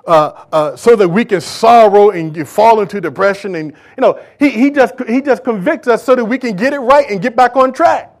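A high-pitched pastor preaches a sermon, moving between quiet, conversational asides and loud, shouted exhortations, with some casual, folksy remarks mixed in.

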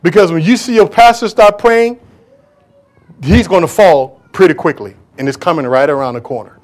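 A male pastor preaches emphatically in a fairly high voice. He repeats words for stress and shifts between raised, urgent lines and quieter, intimate asides. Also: normal speed. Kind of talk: sermon.

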